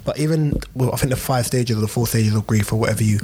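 A man's voice: medium pitch, fast, dark tone, husky. A man in casual chat, reflecting and arguing his points with many fillers.

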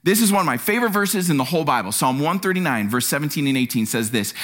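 A man preaching a sermon in a church, animated and acting out quotes. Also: quick pace, hardly any pauses. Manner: animated, acts out quotes with sudden pitch jumps. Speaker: pastor.

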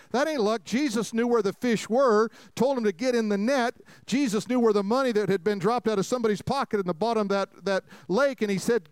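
Man, pastor, folksy storytelling sermon, loud then quiet asides, dry close sound. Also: high voice, a little fast, hardly any pauses, smooth, no echo. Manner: folksy, jokey storytelling with acted-out quotes; swings between loud preaching and quiet asides. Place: church sanctuary before a congregation.

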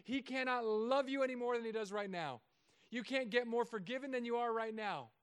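High, smooth-voiced preacher man. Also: a little fast. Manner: animated, joking, swings between loud and hushed. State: recovering from Achilles surgery. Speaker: pastor. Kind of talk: sermon.

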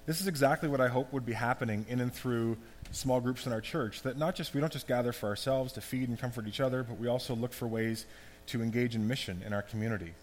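A man giving a conversational, animated sermon as pastor. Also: medium pitch, quick pace. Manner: conversational, animated preaching with asides. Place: church hall. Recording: long hall reverb, faint hum.

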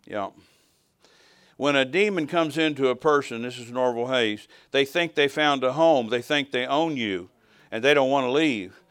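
An older man preaching a sermon, telling personal stories in an animated way and acting out the dialogue. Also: mid-range voice, normal speed, clean tone, dry recording. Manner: animated storytelling, acts out dialogue, swells to shouting at climaxes.

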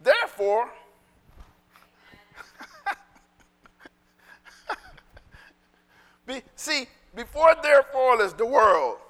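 High, bright-voiced preaching man. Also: drawn-out words, pauses often, in a large hall. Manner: animated, conversational preaching that swings into shouting. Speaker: pastor. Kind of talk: sermon.

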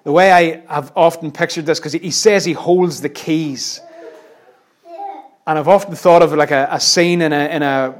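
A man's voice: a little high, fairly even intonation, normal speed. A man preaching a sermon, earnest and questioning, often repeating his words for emphasis. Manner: earnest, with rhetorical questions and repetitions.

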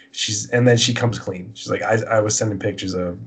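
Husky man telling a rambling story. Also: on the low side, moderate pace, hardly any pauses. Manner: rambling, animated storyteller acting out dialogue. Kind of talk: casual podcast storytelling.

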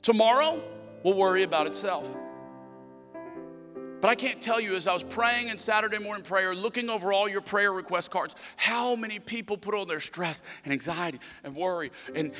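Southern guy preaching, kinda high voice, big echoey sanctuary, gets loud then goes quiet. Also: normal speed, soft background music. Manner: passionate, builds to loud emphatic peaks, drops low for quoted asides. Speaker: pastor. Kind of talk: sermon.

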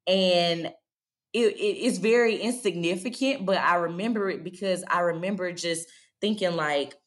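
A woman's voice: on the low side, moderate pace. A woman in her thirties, a podcast guest, telling her own story in a candid, heartfelt way with frequent fillers. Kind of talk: personal storytelling.

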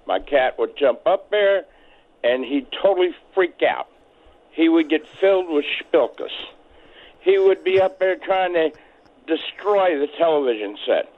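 A man from Maryland calling in to a radio show, telling a story in a halting, rambling way with many fillers. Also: fairly high pitch, animated. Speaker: caller. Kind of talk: phone call to a radio show. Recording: tinny phone line.

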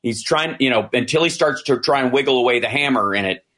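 A man's voice: medium pitch, quick pace. A man in casual discussion, retelling events with many restarts and acted-out quotes. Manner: animated retelling, acting out quoted dialogue; frequent restarts and fillers. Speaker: commentator.

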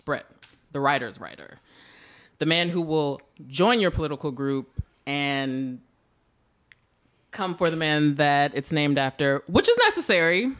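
Animated, teasing woman host. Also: sits low, slow, long pauses. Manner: teasing, animated, frequent laughter. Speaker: podcast host. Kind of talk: playful interview banter. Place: San Francisco.

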